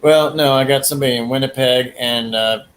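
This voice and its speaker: A man's voice: mid-range voice, steady tone, fairly quick, a bit bright, poor audio. A man hosting a livestream, chatting casually in a rambling way with crude jokes and lots of fillers. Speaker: livestream host. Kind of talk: casual chat.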